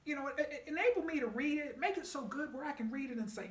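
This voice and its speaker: A woman's voice: high voice, fast, hardly any pauses. A woman sales trainer telling a story in a casual teaching talk, with many fillers and restarts. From United States. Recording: echoey room, voice far from the mic.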